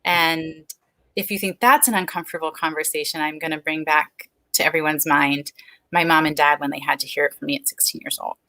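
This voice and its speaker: Interview guest, woman, 40s: candid and earnest, low-set but bright voice, dry close sound. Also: steady tone, brisk, dry recording, low-quality recording. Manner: frank, earnest and open. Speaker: guest, speech-language pathologist.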